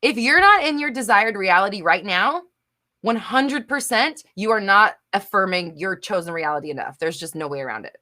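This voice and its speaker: Blunt, bright-voiced woman hosting a live chat. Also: mid-range voice, animated, normal speed. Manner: blunt and emphatic, swears casually, lots of fillers. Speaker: host of a live manifestation Q&A. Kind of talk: casual live chat reading viewer comments.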